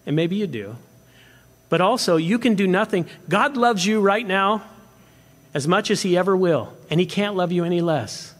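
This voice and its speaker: Man, pastor, sermon, emphatic, asks the congregation questions, slightly high voice, reverberant church. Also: lively intonation, brisk. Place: church sanctuary.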